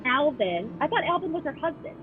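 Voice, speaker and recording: A woman's voice: sits high, very animated, brisk, phone-quality sound, over music. A woman playing a tabletop game, chatting and asking playful questions. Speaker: player. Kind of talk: casual tabletop game chat.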